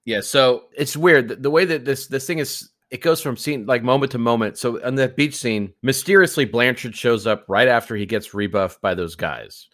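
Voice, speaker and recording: A man's voice: mid-range voice, normal speed, few pauses, a bit bright. A man co-hosting a podcast, chatting casually about a film and tossing in wisecracks and asides. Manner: wisecracking, throws in jokes and asides. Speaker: podcast co-host. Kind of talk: casual movie-review chat.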